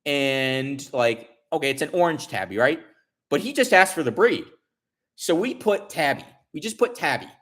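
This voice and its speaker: A man in his forties chatting casually to his livestream viewers, rambling, restarting often and telling an animated story. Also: a little high, moderate pace. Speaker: livestream host.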